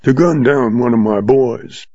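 A man's voice: medium pitch, measured pace, warm tone, no room sound. A man growling as a grumpy old ranch boss. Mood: gruff. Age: older. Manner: growling, gruff. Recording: dull lo-fi dry recording.

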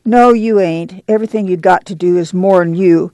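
A woman's voice: fairly low pitch, moderate pace, warm tone, no room sound, lightly acted. A woman reading the part of a weary but steadfast rural farm mother, homespun and firm. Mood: earnest. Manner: homespun, plain-spoken, firm. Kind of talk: dramatic audiobook reading.

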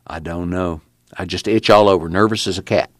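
A man's voice: low-pitched, steady tone, a little fast, no room sound, clean studio sound, lightly acted. A man doing a jumpy, uneasy fellow. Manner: restless, uneasy.

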